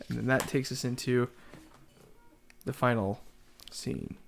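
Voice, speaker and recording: A man with a medium-pitched voice chats on a theatre podcast. He quotes a play's dialogue with real enthusiasm and laughs often as he talks. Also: steady tone, unhurried, vocal fry, soft background music. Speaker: podcast co-host. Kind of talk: casual chat recapping a play.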